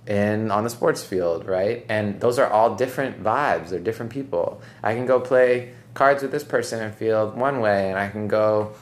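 Low-voiced, laid-back podcast host. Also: male voice, normal speed, few pauses. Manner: rambling, reflective, heavy use of "like" and "right?". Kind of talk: casual podcast conversation.

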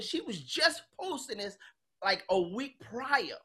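A woman's voice: medium pitch, sing-song, takes it slowly, bright, forceful tone, breathy edge. A woman hosting a podcast, chatting casually in a blunt, emphatic way and swearing freely. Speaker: podcast host. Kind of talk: casual chat.

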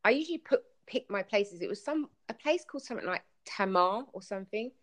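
A woman's voice: medium pitch, quick pace. A woman, telling travel stories in a casual podcast chat over a call, acting out what people said. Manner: animated storyteller, acts out quotes.

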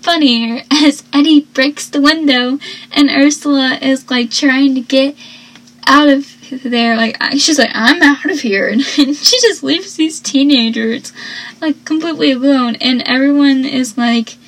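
A woman's voice: sits high, measured pace, poor audio. A woman chatting casually through a TV episode recap, full of "like"s and acting out the characters' lines. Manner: chatty, many "like"s, acts out quotes.

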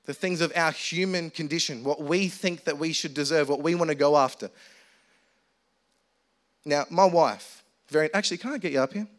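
A man's voice: a little high, normal speed. A young man preaching a sermon, telling a funny story in a playful, self-mocking, chatty way with the congregation.

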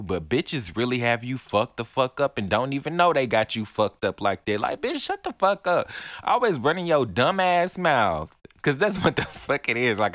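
A man's voice: fairly low pitch, a bit bright, no room sound, clean studio sound. A young man, ranting profanely and hurling mocking insults in a casual podcast monologue. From Alabama. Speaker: podcast host.

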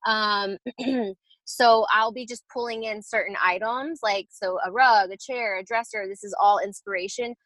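A woman's voice: mid-range voice, fairly even intonation, a little slow, a bit bright, no echo, low-quality recording. Chatty woman interior designer, dry sound. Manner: chatty, explanatory, many fillers and restarts. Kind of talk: casual podcast interview.

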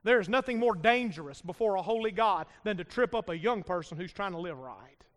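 A man's voice: sits high, expressive, a little fast. A middle-aged pastor preaching a fiery sermon, pressing hard and calling out for amens from his congregation. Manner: emphatic, calls for amens from the congregation. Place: church sanctuary. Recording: long hall reverb.

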